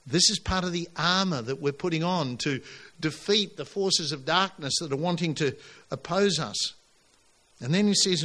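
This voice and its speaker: A man preaching a sermon to his congregation, emphatic and animated, pushing his voice up on key lines. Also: on the high side, normal speed. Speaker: pastor.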